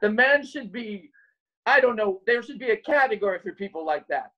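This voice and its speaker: A man's voice: high-pitched, lively intonation, normal speed, muffled recording. A man joking boisterously and cursing freely during a casual group video call. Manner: boisterous, profane joker.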